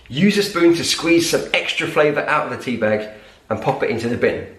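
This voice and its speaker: A man's voice: medium pitch, expressive, fairly bright tone, faint music behind. Man teaching in a roomy kitchen. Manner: clear, deliberate teaching delivery, slowing to repeat key words. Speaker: English teacher. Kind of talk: scripted English lesson. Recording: roomy echo.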